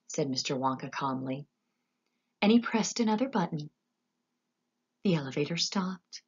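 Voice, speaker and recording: A woman narrating a children's story with an expressive, animated reading. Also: low voice, normal speed, pauses often, breathy edge, highs cut off. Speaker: audiobook narrator.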